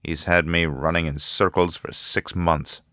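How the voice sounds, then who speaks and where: Guy reading as a grumbly, worried young architect, real deep voice, storybook read-aloud. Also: flat delivery, a little slow, bright, forceful tone, no room sound, clean studio sound. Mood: bitter. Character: bitter anxious young male architect.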